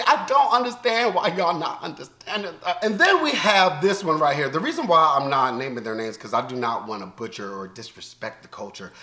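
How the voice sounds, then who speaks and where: A man with a Southern US accent giving animated, joking commentary as a YouTube reaction host, breaking into loud outbursts and laughter. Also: sits high, roomy sound. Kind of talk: casual commentary.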